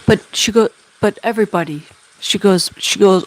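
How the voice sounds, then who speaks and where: A woman doing a spirit reading as a medium, talking haltingly and relaying messages with many fillers. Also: mid-range voice, rough recording. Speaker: psychic medium.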